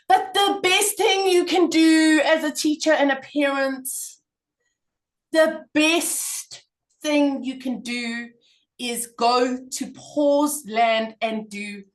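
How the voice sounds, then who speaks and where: A middle-aged woman speaking in a conversational interview, telling stories with emphatic repetition. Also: sits high. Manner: emphatic, animated storytelling with repetition. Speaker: parenting guest speaker.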